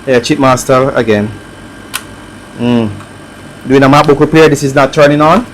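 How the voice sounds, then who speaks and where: A man with a Jamaican accent chatting casually on a live stream as he works on a repair, reading viewer comments aloud and thinking out loud. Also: mid-range voice, fairly even intonation, moderate pace, a little hiss or hum, rough recording. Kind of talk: casual live-stream chat while working.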